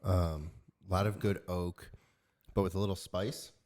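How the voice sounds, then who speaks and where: A man's voice: low voice, fairly even intonation, unhurried, a little mellow. A man co-hosting a casual tasting chat, easygoing and full of fillers. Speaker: podcast co-host.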